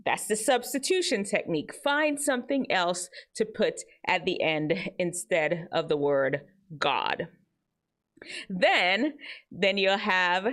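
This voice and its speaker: Woman, advice-show host, lively up-and-down delivery, chatty. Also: takes it slowly. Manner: animated, chatty, jumps between high and low tones. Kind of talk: casual advice talk to teens.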